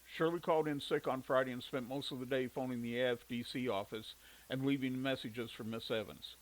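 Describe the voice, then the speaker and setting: A man narrating a story in a steady reading voice. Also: mid-range voice, fairly quick, rough recording. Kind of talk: audiobook narration.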